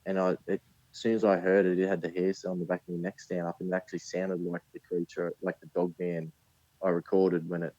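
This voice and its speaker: A man's voice: sits low, flat delivery, a little fast, mellow, no room sound, muffled recording. An Australian man, a podcast guest, telling a rambling story in a casual way and full of "like" fillers.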